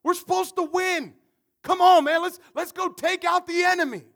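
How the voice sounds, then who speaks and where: A preacher voicing an indignant disciple. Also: male voice, very high-pitched, steady tone, moderate pace, a bit bright, voice pushed up. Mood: insistent. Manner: pleading, insistent. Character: indignant male disciple protesting to his leader.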